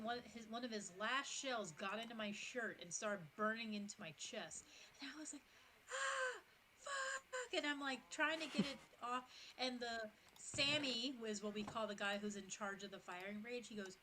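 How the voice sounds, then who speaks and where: A woman in her thirties chatting on a game stream, telling stories in an animated way and acting out what people said. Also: on the high side, normal speed, few pauses, slight background noise, low-quality recording. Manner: animated, chatty, acts out quotes. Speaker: streamer, military veteran. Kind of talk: casual storytelling on a game stream.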